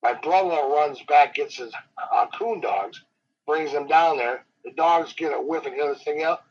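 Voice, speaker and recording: Rambling storyteller, man with a husky, slightly high voice, dull lo-fi interview audio. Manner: rambling, dramatic, slows down for suspense. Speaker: professional wrestler guest. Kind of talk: animated storytelling.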